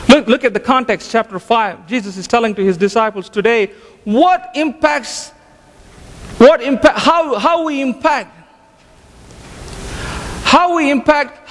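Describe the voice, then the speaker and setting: A man's voice: extremely high pitch, big-room sound. A man preaching a sermon as pastor, emphatic, often restarting and repeating his phrases. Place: church sanctuary.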